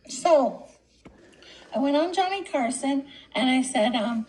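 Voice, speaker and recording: A woman telling a lively anecdote on a video call, acting out the people she quotes. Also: sits high, a little slow, rough recording. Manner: bubbly, quoting others in voices. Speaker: guest speaker. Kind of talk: storytelling anecdote.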